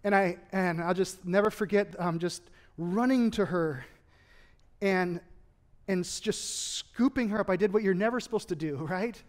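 Earnest high-voiced pastor. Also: male voice, normal speed. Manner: earnest, repetitive, drops to a hushed intimate tone. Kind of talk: sermon. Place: church sanctuary.

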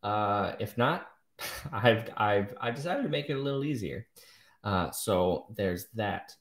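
A man's voice: lowish voice, animated, unhurried. A man hosting a live poetry show, chatting casually with wry asides and self-corrections. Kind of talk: casual live-stream reading and chat. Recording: echoey room.

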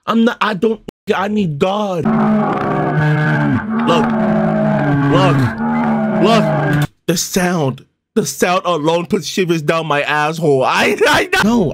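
A young man with a fairly high voice riffs through comedic reaction commentary. He talks in an animated, exaggerated way, swears freely and jumps into sudden loud outbursts. Faint music sits quietly underneath. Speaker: online video host reacting to a video.

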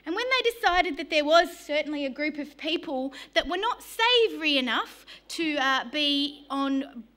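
An Australian woman preaching a sermon, telling stories in a lively, humorous way. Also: high voice, moderate pace. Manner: lively storytelling with humour.

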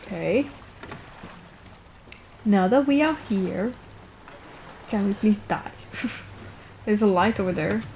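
A woman's voice: medium pitch, expressive, takes it slowly, pauses often, a little mellow. A woman gaming streamer who chats casually, swears and jokes at the game while she plays. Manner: chatty, swears, laughs at the game. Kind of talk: casual let's-play commentary. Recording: noisy home stream mic.

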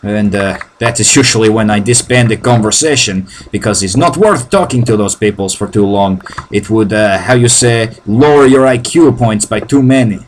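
A man's voice: lowish voice, normal speed, few pauses, slight background noise. A man with a Russian accent giving casual video game commentary, joking as he goes, with broken, hesitant phrasing. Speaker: gameplay commentator.

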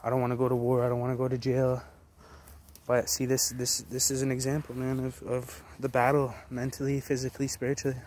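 A man's voice: medium pitch, completely flat delivery, brisk, slight background noise. Profane, fiery young man ranting. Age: 20s. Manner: profane, blunt and forceful, with repeated restarts. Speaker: vlogger. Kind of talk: intense motivational rant.

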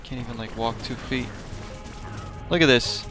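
A man's voice: medium pitch, normal speed, over music. A man chatting casually as he streams a video game, laid-back and rambling with fillers. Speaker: gaming streamer.

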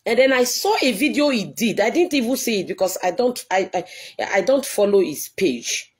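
A woman's voice: medium pitch, animated, normal speed. A woman, a church leader, giving an earnest, pleading video address to her followers and repeating herself often.

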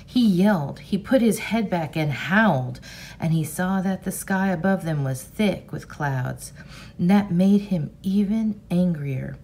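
A woman teacher reading a novel aloud in an unhurried, expressive storybook manner. Her voice sits fairly low with a gravelly, creaky texture, and a faint hiss lies behind it.

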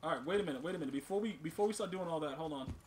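A man's voice: on the high side, rapid-fire, a little mellow, a little hiss or hum. A man hosting a gaming channel, giving casual gameplay commentary with hyped, slang-heavy banter.

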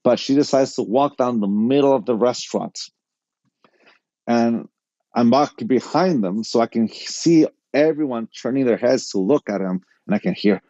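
A middle-aged man tells a personal story with a mellow, dark-toned voice and acts out each line of dialogue. The sound is close and dry, a little dull and lo-fi. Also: medium pitch, normal speed, no echo. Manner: animated anecdote-telling, quotes people in dialogue. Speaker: podcast guest.

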